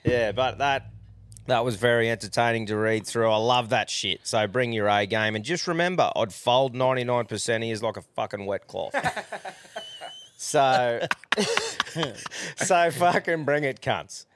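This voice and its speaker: A man's voice: medium pitch, lively intonation, a little slow, a bit bright, slight background noise. A young Australian man hosting a podcast, chatting casually, swearing freely and laughing often. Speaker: podcast host. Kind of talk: casual chat.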